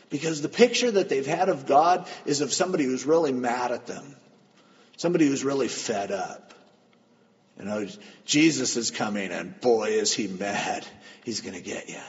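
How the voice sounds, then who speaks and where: A man preaching a sermon in an earnest, emphatic, storytelling manner, recorded in a church hall with a dull sound. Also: fairly high pitch. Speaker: pastor. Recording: dull lo-fi with long hall reverb.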